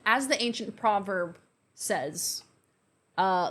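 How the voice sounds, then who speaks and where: A young woman chatting through a makeup tutorial, excitable and gushing, joking with the camera and gasping in delight. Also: medium pitch, moderate pace. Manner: excitable and gushing, with frequent gasps and squeals; playful, self-mocking banter to the camera. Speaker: beauty vlogger. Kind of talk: chatty get-ready-with-me makeup vlog.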